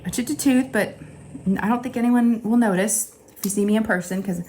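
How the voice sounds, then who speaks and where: A middle-aged woman telling a casual, chatty story straight to her viewers, animated and often acting out what people said. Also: mid-range voice, a little fast, a little hiss or hum. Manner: chatty, animated retelling with acted-out quotes and laughs. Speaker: crafting channel host.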